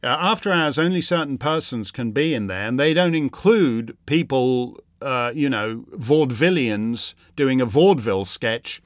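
A man hosting a show, answering listener questions in a sardonic monologue that climbs into loud, mocking indignation. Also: mid-range voice, lively intonation, moderate pace, few pauses, no echo, studio quality. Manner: sings wordless tunes to mock.

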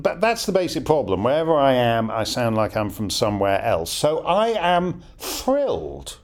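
A man's voice: medium pitch, very animated, normal speed, few pauses. A middle-aged man hosting a casual listener Q&A, wry and digressive with chuckling asides. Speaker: podcast host answering listener questions. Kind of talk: casual Q&A chat.

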